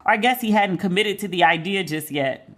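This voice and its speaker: A woman hosts her own podcast with loose, casual pop-culture commentary, candid and gossipy, swearing freely and teasing herself about her celebrity crushes. Her voice is medium-pitched, animated, brisk and a bit bright.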